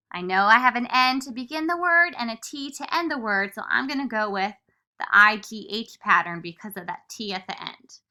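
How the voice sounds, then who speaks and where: A woman teacher giving a recorded phonics lesson to young children, patiently sounding words out slowly and clearly. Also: on the high side, bright, forceful tone.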